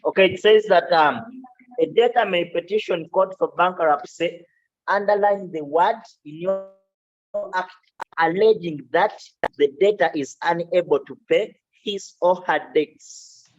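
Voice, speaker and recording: A man giving a law lecture to students, checking in often with "okay" and joking asides. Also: high voice. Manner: explains slowly, with frequent "okay?" checks and asides. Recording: dull, lo-fi classroom recording.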